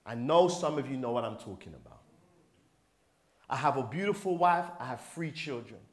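A middle-aged man preaching a passionate sermon to a men's gathering, dropping low and quiet, then rising to shouts. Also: expressive, normal speed.

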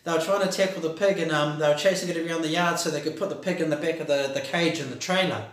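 A man with a New Zealand accent talks through a casual birthday message, rambling and hesitant and filling gaps with ums. His voice sits a little high for a man. The recording is heavily echoey, as if made in a bare, hard room. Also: steady tone, fast, a bit bright. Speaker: brother giving a birthday tribute.

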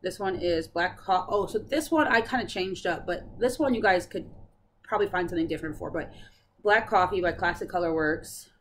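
Chatty female stitching host, fillers and bursts of excitement, light noise behind. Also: fairly low pitch, a little fast. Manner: chatty, bubbly, many fillers. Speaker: Flosstube host. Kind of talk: casual cross-stitch chat.

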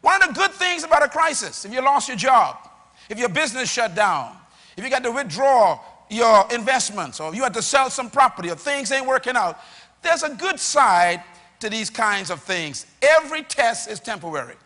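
A man preaching a sermon to a live congregation, rousing them into call-and-response with bursts of shouting, recorded in a large church hall. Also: very high-pitched, sing-song, normal speed. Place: church or auditorium. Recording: long reverb of a large hall.

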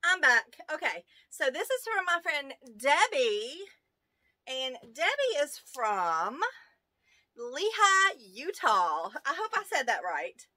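A woman with a rural American accent hosting a casual unboxing video, excitable and gushing as she talks to her viewers. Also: high-pitched, slow, no room sound. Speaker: YouTube channel host. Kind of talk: casual unboxing of fan mail.

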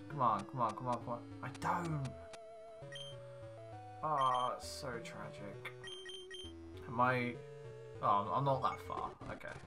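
Lively let's play host, chatty. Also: mid-range voice. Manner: chatty, reads game dialogue aloud in playful voices. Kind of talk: casual gameplay commentary. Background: game music.

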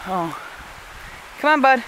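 High, bright-voiced anxious mother. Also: lively intonation, slow, slight background noise, low-quality recording. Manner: anxious and bossy, warning others away from edges. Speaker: mother on a family road trip. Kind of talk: casual vlog chat. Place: outdoors at a lakeside cliff overlook.

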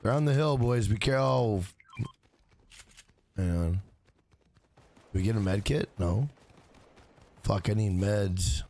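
A man's voice: fairly low pitch, takes it slowly, long pauses, a little mellow, a little hiss or hum. A man live-streaming a video game, swearing often and greeting viewers in chat by name. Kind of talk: live gaming stream commentary.

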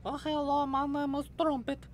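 A crochet host voicing an adorable little baby seahorse with a high, squeaky sing-song accent. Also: completely flat delivery, moderate pace, slight background noise, close to an everyday voice. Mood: cute. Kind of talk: playful voice put on during a crochet livestream.

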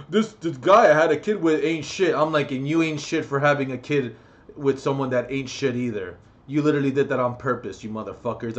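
A man in the middle of a vlog rant, talking straight to his viewers in an ordinary mid-pitched voice. He swears constantly and climbs into loud, heated bursts, then drops back into blunt, plain talk. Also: slight background noise. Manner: heated, profane ranting with loud outbursts. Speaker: vlogger. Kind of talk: ranting vlog monologue.

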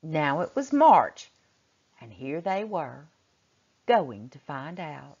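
A woman teacher reads a chapter book aloud slowly, her voice rising and falling with lively expression as she stops to question the children. Her lowish voice comes through a muffled lo-fi recording. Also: breathy edge.

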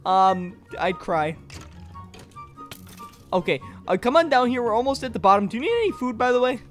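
A woman's voice: a little high, sing-song, moderate pace, soft background music. A young woman playing a flustered, stammering servant in a casual video-game roleplay. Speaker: Minecraft roleplay player as servant. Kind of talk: playful game roleplay chat.

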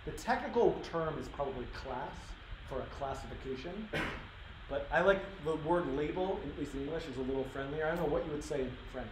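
A man's voice: on the high side, fairly quick. A man teaching a live-coding workshop, thinking aloud with lots of fillers and restarts. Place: workshop room. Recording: roomy live-stream audio with faint room noise.

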